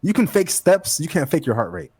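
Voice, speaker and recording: A man's voice: a little high, big pitch swings, brisk, darkish tone, breathy edge. A young man co-hosting a casual podcast chat, teasing and challenging his friends. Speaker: podcast co-host.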